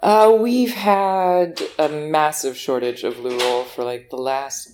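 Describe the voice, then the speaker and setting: A woman with an American accent chatting casually and telling stories in an animated, amused way. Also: low voice, slow, a little hiss or hum. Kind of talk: casual chat.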